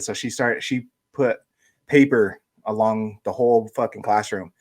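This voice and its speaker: Laid-back, low-voiced young man from Denver. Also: steady tone, moderate pace. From Denver, USA. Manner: laid-back, profane, laughs at his own stories. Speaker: podcast co-host. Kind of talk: casual storytelling chat.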